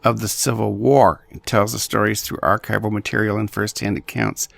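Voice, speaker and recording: A man hosting a podcast, asking relaxed questions in a casual interview. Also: on the low side, moderate pace, gravelly, dry recording. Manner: relaxed, asks questions, brief reactions. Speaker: podcast host.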